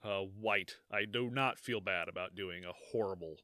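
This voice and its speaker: A man's voice: low-pitched, normal speed, clean tone, dry recording, studio quality. A man co-hosting a podcast, chatting casually and reading out a long quote, swearing freely. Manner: swears freely, laughs often; animated, swings between loud and quiet. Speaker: podcast co-host.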